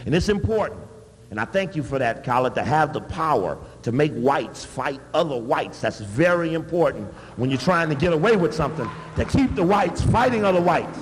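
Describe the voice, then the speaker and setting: A man giving an animated, emphatic public talk with blunt asides. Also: on the high side, moderate pace, in a large hall, slight background noise. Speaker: public speaker.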